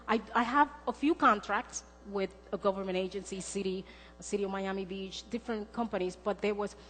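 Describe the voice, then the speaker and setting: A middle-aged woman with a medium-pitched, slightly bright voice gives a sermon built around her personal testimony, earnest and story-driven, acting out quoted dialogue. She's in a church sanctuary with a long reverb, faint music, and slight background noise.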